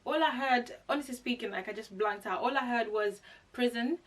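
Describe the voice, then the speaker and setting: Young adult woman, relaxed vlogger telling a story to camera, recorded from slightly back. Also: a little high, moderate pace. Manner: chatty, animated retelling with quoted asides. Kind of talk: casual storytime chat. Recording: voice a bit far from the mic.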